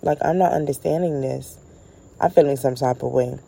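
A woman hosting her own show, talking in a blunt, profane, animated comedic monologue. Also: a bass voice, normal speed, creaky, a little hiss or hum, low-quality recording. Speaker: podcast host.

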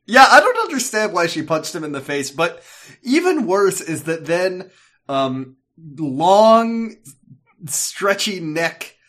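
Brief: male co-host, bright forward tone, loose jokey recap chatter. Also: a little high, sing-song, unhurried. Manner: jokey, rambling, with frequent fillers. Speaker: podcast co-host. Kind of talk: casual chat recapping a TV episode.

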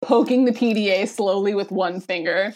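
A woman in a relaxed podcast chat at an average pitch for a woman. She talks the story through conversationally and explains each point, dropping in plenty of "um" and "like" as she goes. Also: normal speed. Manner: chatty and explanatory, with frequent "um" and "like". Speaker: podcast co-host. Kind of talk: casual discussion of a comic.

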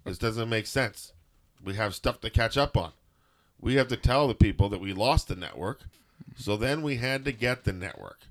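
A man's voice: fairly low pitch, moderate pace. A man, co-hosting a casual podcast. He rambles through the recap with sarcastic jokes and loose asides. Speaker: podcast co-host. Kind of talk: casual wrestling recap chat.

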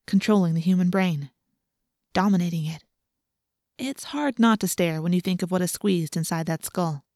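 A woman's voice: on the low side, a little mellow, dry recording, studio quality. A woman narrating a first-person novel in an earnest, tense storytelling manner. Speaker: audiobook narrator.

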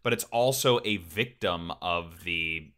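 A young adult man co-hosting a casual podcast, telling jokey stories in an animated way. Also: deep voice. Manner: animated, jokey storytelling, quick to laugh. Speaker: podcast co-host. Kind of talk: casual chat.

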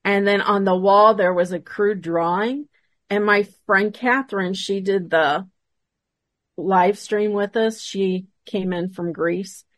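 Taking it slowly at a medium pitch, a female paranormal investigator relates a tale from an investigation while a guest on an interview show. She's casual and animated, acting out the dialogue, and the audio has no room sound.

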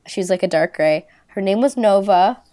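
Hoarse young woman with a raspy voice. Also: medium pitch, normal speed, warm tone. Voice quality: raspy, like a chain smoker. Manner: laid-back, laughs often, swears casually. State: hoarse from a cold. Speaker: podcast co-host. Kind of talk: casual chat.

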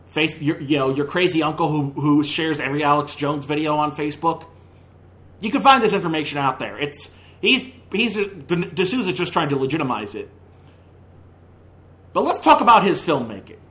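A man with a fairly high voice rants on a movie podcast, heated and opinionated. He tumbles over his words and restarts sentences as he gets worked up. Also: lively intonation, moderate pace, a bit bright. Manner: heated, ranting, stumbling restarts. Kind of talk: casual opinionated review.

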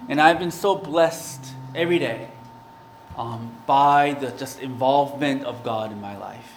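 A man's voice: medium pitch, a little slow, roomy sound, slight background noise. A man preaching a sermon, earnest and conversational, with a prayer and a personal story. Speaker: pastor.

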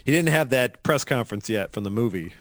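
A man's voice: medium pitch, animated, brisk, no room sound, clean studio sound. Joking man co-hosting a podcast. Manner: joking, crude. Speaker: podcast co-host. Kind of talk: casual chat.

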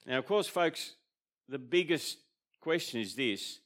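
An Australian man gives a sermon at an ordinary middle pitch. He speaks conversationally and checks in with the congregation as he explains each point, with the odd filler and restart. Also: expressive, measured pace, fairly bright tone. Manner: conversational, asks the congregation questions. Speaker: pastor.

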